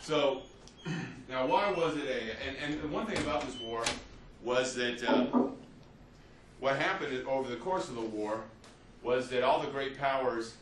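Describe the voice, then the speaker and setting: A man's voice: medium pitch, measured pace. Male history teacher, casual lecture style, off-mic in an echoey room with faint background hum. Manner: conversational, acts out quotes, frequent "you see" and "right?". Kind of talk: classroom lecture. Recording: roomy, distant, faint ambience.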